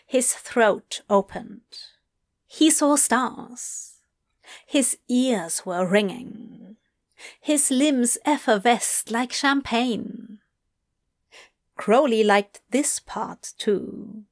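A woman narrating fan fiction in a soft, hushed, intimate reading voice. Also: fairly high pitch, extremely slow.

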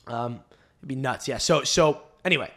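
A man's voice: medium pitch, normal speed. Young male podcast host, crude and rambling, cursing, laughing through tangents, recording at home. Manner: crude, rambling, swears a lot, laughs often. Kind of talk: casual podcast rant. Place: home, family upstairs.

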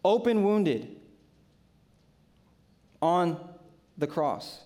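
A pastor preaches a sermon, recounting scripture vividly and weaving in personal stories with dramatic, deliberate phrasing. His voice is high and dark in tone, with lively intonation.

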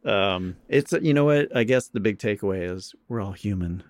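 A man's voice: lowish voice, expressive, normal speed, dry recording. A man in his fifties co-hosting a podcast, casual chat with dry, wry humor. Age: 50s. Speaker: podcast co-host.

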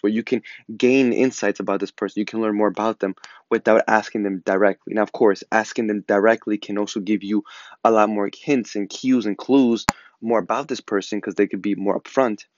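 Earnest low-voiced man giving advice. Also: a little mellow, no room sound, highs cut off. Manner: earnest, repeats words, fillers "like". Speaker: podcast host. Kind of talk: casual advice monologue.

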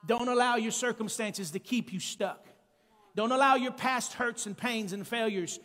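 A male preacher delivering an emphatic sermon, calling out to the congregation and building up to shouted peaks. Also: very high voice, normal speed. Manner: calls to the congregation. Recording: long church-hall reverb.

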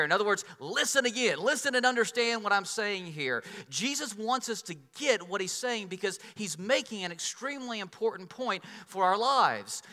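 A man preaching a sermon, telling a personal story with lively swings between loud and soft delivery. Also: sits high, brisk, hardly any pauses, long reverb tail. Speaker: pastor.

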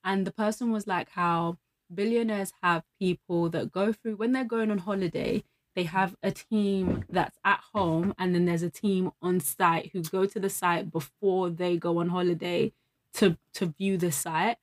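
A woman's voice: lowish voice, fairly even intonation, measured pace. Chatty woman telling stories. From London. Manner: chatty, storytelling, laughs often. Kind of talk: casual chat.

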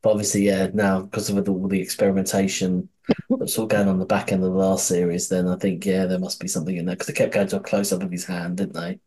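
Podcast co-host, male, low and husky, loose rambling delivery with plenty of swearing. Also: completely flat delivery, quick pace, warm tone. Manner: rambling, many restarts, swears, laughs. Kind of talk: casual chat about a TV series.

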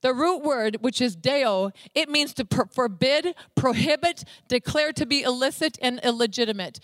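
A woman's voice: high voice, normal speed, hardly any pauses, dry recording. A woman preaching a sermon, emphatic, dwelling on single words and repeating them for weight.

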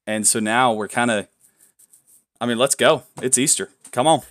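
A young man co-hosting a casual faith podcast, excitable and prone to loud whoops of joy. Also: medium pitch, normal speed. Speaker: podcast co-host. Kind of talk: casual chat.

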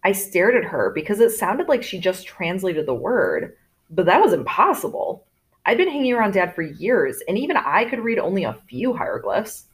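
Woman reading a novel out loud, pitch all over the place, really expressive, sort of mid-range voice. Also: moderate pace. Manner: expressive, voicing characters in turn. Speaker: audiobook narrator. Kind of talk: storytelling narration.

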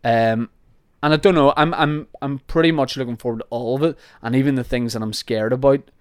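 A man's voice: mid-range voice, steady tone, brisk, clean tone, no echo, clean studio sound. A young man with a Northern Irish accent, hosting a podcast and answering listener questions in a rambling, jokey, self-deprecating way. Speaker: podcast host.

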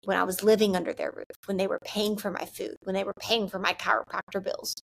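A young Christian vlogger talks to camera about her faith, earnest and candid, her speech loose and crowded with "like" and restarts. Her medium-pitched voice has vocal fry, moves little in pitch, and runs at a quick pace.

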